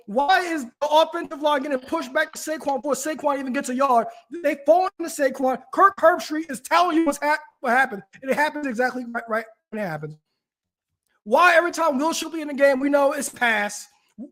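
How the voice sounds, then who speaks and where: A man's voice: extremely high pitch, lively intonation, a little fast, fairly bright tone. A man hosting a casual talk show, ranting animatedly with frequent restarts. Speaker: podcast host. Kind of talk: casual chat.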